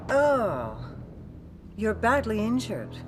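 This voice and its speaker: An actress in an English dub playing a scheming palace noblewoman who threatens with condescending calm. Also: fairly high pitch, drawn-out words, music in the background, heavily acted. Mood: silky threat. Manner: silky, condescending. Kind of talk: English dub of a period drama.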